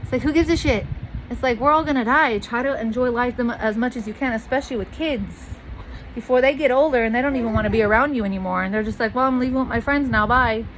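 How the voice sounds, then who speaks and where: Fairly high-voiced woman ranting to camera, blunt, curses freely, repeats herself, faint hum behind. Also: quick pace, low-quality recording. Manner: blunt, swears freely, exasperated; rambling, repeats phrases. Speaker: vlogger. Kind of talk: casual venting monologue.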